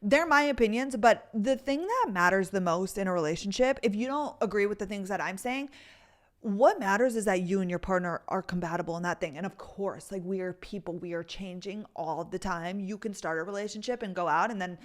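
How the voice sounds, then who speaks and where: A woman's voice: medium pitch, a little fast. A young woman in her twenties hosting a podcast, chatting casually and telling stories with lots of "like" fillers. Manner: chatty, fillers like "like", animated storytelling. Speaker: podcast host. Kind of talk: casual chat.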